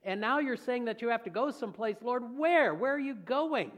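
A brash, eager apostle protests in a high, loud voice, insisting like a stubborn kid, as a preacher acts him out. The boasts come fast and bold. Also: male voice, expressive. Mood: bewildered.

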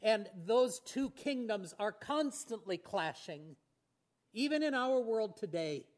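A man delivers a sermon in a fairly high voice. He talks earnestly and stumbles over a few fillers. He often slows down and sinks to a near whisper on key words. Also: expressive. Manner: earnest, with fillers and restarts, voice swings between hushed and raised. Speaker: pastor.

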